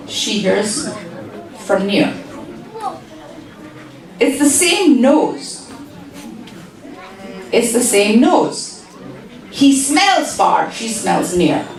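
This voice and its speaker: Slow, playful high-voiced woman lecturing. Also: echoey room, distant mic, low-quality recording. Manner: playful, teasing, repeats phrases for emphasis. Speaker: speaker at a community talk. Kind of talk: humorous lecture to an audience.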